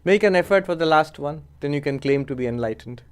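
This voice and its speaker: A male monk teaches philosophy in a clear, resonant voice that sits a little above the usual male pitch. He speaks in measured phrases and leans on key words. He often asks his listeners questions to make them think. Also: expressive. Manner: measured, emphatic, poses rhetorical questions to listeners. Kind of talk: philosophy lecture.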